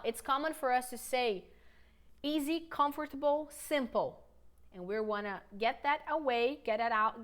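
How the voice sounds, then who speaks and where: High-voiced upbeat woman teaching English. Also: a bit bright. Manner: upbeat, coaxing, slows down for model sentences. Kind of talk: online English lesson with repetition drills.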